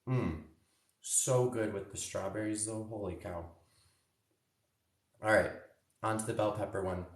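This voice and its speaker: A man's voice: on the low side, steady tone, unhurried. Upbeat guy doing a kids cooking demo, roomy kitchen echo, bit far from the mic. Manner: cheerful, chatty, tastes food while talking. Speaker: cooking instructor.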